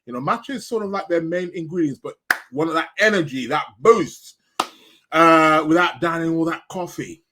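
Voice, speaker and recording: A man's voice: a little high, normal speed, bright, forceful tone, a little hiss or hum. Chatty man hosting a live stream. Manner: rambling, chatty, greets viewers by name; talks while munching snacks. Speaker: astrology podcast host. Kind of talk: casual live-stream chat.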